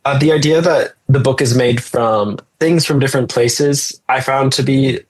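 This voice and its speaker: A podcast co-host with a mid-range voice talks at a moderate pace in a casual discussion. He sounds hesitant and restarts often while checking his notes.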